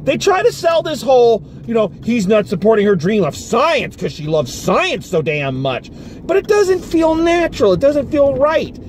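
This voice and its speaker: A man's voice: very high-pitched, sing-song, moderate pace, darkish tone, a little hiss or hum. A man giving a casual spoken movie review from inside a car, ranting with exasperation and swearing freely. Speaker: film reviewer.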